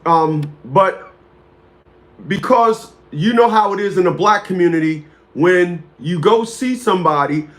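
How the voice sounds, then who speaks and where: High-voiced man in his fifties, rambling. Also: a little slow. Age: 50s. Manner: rambling, repeats words, greets viewers by name. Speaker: talk show host. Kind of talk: casual livestream storytelling.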